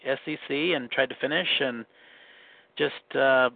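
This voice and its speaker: A man's voice: medium pitch, measured pace, gravelly, no room sound. Rambling man, faint Minnesota accent. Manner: rambling, self-correcting storyteller. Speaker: guest recalling his life. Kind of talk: casual conversation. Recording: phone-like narrow band.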